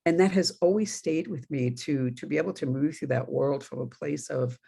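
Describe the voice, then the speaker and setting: Woman minister, gravelly and husky, low voice, storytelling sermon, from New York. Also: moderate pace, mellow. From New York, USA. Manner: conversational, storytelling with laughing asides.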